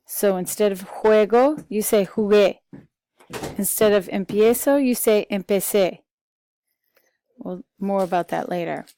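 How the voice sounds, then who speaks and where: A woman teaching a Spanish grammar lesson, slowly and patiently reading out vocabulary with translations and a few fillers. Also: mid-range voice, mellow, no room sound. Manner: slow, patient, talks through vocabulary lists with fillers. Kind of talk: recorded classroom lesson.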